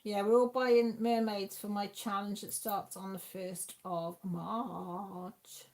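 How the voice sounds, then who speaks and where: A woman's voice: mid-range voice, steady tone, a little slow, darkish tone. A woman chatting casually at home while hosting a craft live stream, reading comments and exclaiming aloud. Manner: chatty, exclaiming, talks to the chat. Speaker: craft channel host reading live chat.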